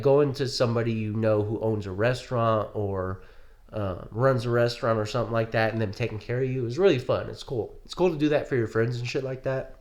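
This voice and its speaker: Rambling profane man in casual chat. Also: medium pitch. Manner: rambling, profane, joking, says "dog". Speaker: podcast co-host.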